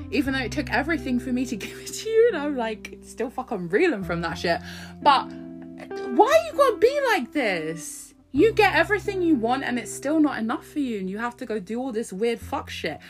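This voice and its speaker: A young woman reading her own breakup poetry and ranting about it in a profane, self-mocking confessional chat. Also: high voice. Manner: profane, ranting, laughing at herself. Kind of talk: confessional casual monologue.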